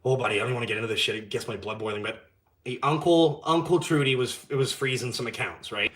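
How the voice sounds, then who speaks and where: A young man, hosting a live stream and telling a story in casual, animated chat, swearing freely and acting out the dialogue. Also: mid-range voice, fast talker. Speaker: channel host.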